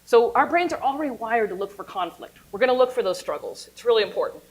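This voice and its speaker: A woman lecturing on storytelling in a playful, animated way, laughing and cheering along with her own examples. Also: on the high side, fast, rough recording. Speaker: university teacher giving a workshop class.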